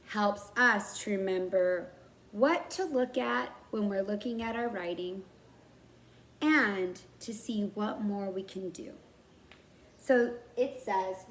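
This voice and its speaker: Slow, higher-voiced woman teacher. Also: reverberant. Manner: slow, simple, encouraging teacher talk. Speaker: kindergarten teacher. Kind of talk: recorded lesson for young children.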